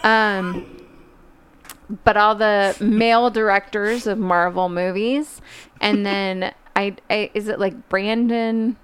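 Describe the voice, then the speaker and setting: Smooth-voiced rambling podcast woman. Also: medium pitch, fairly even intonation, slow, a bit bright. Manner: rambling, tangent-prone, swears freely. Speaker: podcast co-host. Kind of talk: casual podcast chat.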